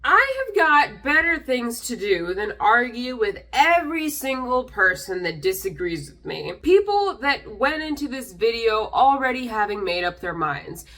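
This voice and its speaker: A woman's voice: a little high, very animated, unhurried, few pauses, bright, forceful tone, distant mic. A tipsy woman on a vlog, reading comments aloud with sarcastic, mocking asides. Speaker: YouTuber reacting to comments.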